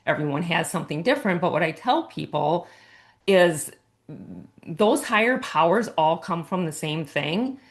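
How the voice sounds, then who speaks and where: Low-voiced woman coach explaining intuition. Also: lively intonation, normal speed. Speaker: guest coach and author. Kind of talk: casual podcast interview.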